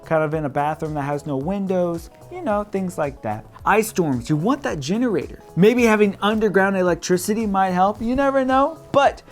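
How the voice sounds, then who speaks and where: Midwestern man in his 30s, casual vlog advice, jokey and animated, a bit high-pitched, faint music underneath. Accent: Midwestern American. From Midwest, United States. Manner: playful, laughing, quick swings in pitch and loudness. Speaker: realtor vlogger. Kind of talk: casual direct-to-camera advice.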